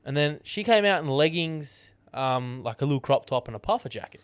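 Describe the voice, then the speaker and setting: A young Australian man co-hosting a podcast, telling animated stories full of swearing in casual chat. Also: a little high, a little fast, dry recording. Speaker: podcast co-host.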